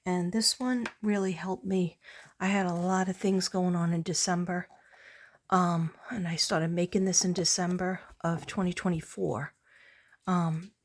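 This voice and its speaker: A tired woman artist shows her work in a casual late-night vlog chat, meandering with many pauses and fillers. Her voice is on the low side.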